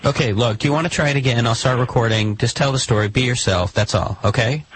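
A man in a comedic sketch, producing a recording, talking in halting, repeated starts while gently insisting. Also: medium pitch, breathy edge, low-quality recording.

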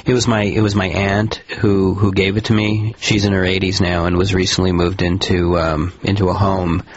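A man's voice: low-pitched, flat delivery, husky, no echo, muffled recording. A man playing a stammering nervous caller. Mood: anxious. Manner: halting, stammering. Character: nervous male caller worried about his pet. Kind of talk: comedy sketch.

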